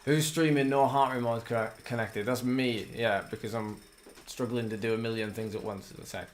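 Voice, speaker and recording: A man's voice: medium pitch, fairly even intonation, moderate pace. A man chats casually as a live stream co-host, sounding flustered and self-mocking as he fumbles with his setup. His voice sits in a middle range. There is a faint hiss behind him. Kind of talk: casual chat while setting up a stream.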